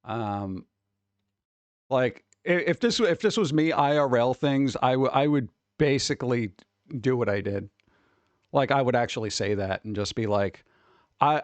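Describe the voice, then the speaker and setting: A swearing, exasperated man rants on a casual livestream, sneering at the people he reads about and tossing off quick mocking impressions. His voice sits at an ordinary middle pitch, and the sound is close and dry with no room around it. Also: dry recording. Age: adult who worked at a record store. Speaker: streamer reacting to advice posts.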